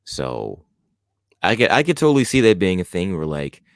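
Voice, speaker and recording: This co-host's deep, creaky voice swings hugely in pitch at a moderate pace, recorded clean in a studio with no echo. In a casual film review chat, he rambles enthusiastically about a horror film with many restarts.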